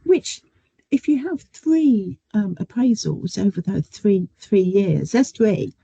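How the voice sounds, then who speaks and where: A woman's voice: medium pitch, very animated, takes it slowly, creaky, warm tone, slightly rough, no echo, highs cut off. A middle-aged woman, talking through a webinar as a nurse educator in a chatty, storytelling way with frequent ums, over a video call. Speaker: guest speaker, nurse educator. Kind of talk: webinar talk with anecdotes.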